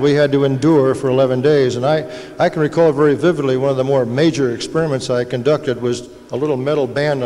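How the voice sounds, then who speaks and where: An older man tells stories on a panel with a dry, joking manner. His voice sits at an ordinary pitch. A long reverb from a large hall trails each phrase. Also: darkish tone. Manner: dry humor, anecdotal.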